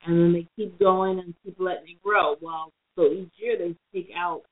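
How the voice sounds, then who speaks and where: A woman's voice: lowish voice, steady tone, moderate pace. A woman co-hosting a podcast who gives money advice in a casual, rambling way, full of "you know"s. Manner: rambling, thinks aloud with many "you know"s. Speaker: podcast co-host. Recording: phone-like lo-fi recording.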